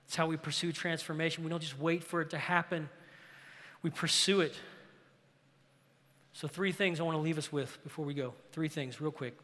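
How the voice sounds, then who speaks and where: A pastor with a high, bright voice preaches an earnest, emphatic sermon, pressing his congregation with rhetorical questions. His intonation is fairly even and his pace moderate, and a long reverb trails each phrase as his voice rings through the hall.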